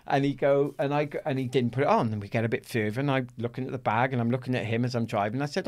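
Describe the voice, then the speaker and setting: A middle-aged Welsh man, an athlete guest in an interview, telling a personal story in an animated way and acting out the voices he quotes. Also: mid-range voice, very fast, hardly any pauses. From Wales.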